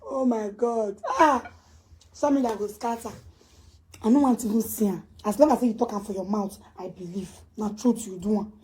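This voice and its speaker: A woman vlogger with a Nigerian Pidgin accent, ranting on camera and swinging from low muttering to loud, high scolding. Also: normal speed, slight background noise. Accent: Nigerian Pidgin English. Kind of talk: casual ranting vlog.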